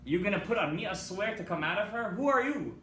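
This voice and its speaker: A man's voice: sits high, expressive, moderate pace, fairly bright tone, voice pushed up. A man voicing the tormented soul of a dead man who has possessed a woman, with an accusing, pleading manner. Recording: echoey hall from far off.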